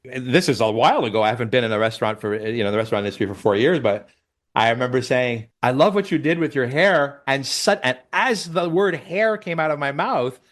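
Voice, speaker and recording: A man's voice: mid-range voice, fairly quick, a bit bright. Casual man telling kitchen stories. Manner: storytelling, acts out his own lines, swears casually. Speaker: podcast co-host, former restaurant worker. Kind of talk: casual chat.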